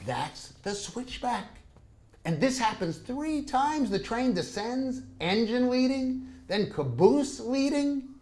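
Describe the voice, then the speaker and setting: A man's voice: extremely high pitch, big pitch swings, takes it slowly, darkish tone. A man reading his own travel stories aloud to a live audience, wry and full of comic asides. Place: small live performance venue.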